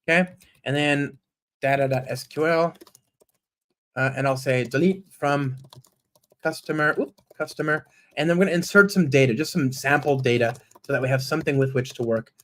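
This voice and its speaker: A man's voice: mid-range voice, fairly even intonation, normal speed, fairly bright tone. A man giving a live-coding presentation at a conference, chatty and enthusiastic, often checking in with the audience with "right?" and "okay?" while he types code aloud. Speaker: conference speaker.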